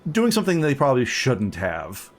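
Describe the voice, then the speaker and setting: A man at a middle pitch running a tabletop game as game master. He narrates in a relaxed, hesitant way, leaning on fillers while he describes the scene. His voice sits at an ordinary height for a man. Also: normal speed, faint music behind.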